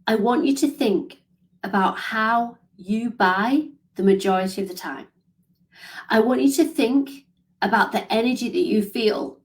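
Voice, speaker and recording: A woman leading a live coaching session, upbeat and encouraging, reading out comments. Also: fairly high pitch. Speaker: business coach.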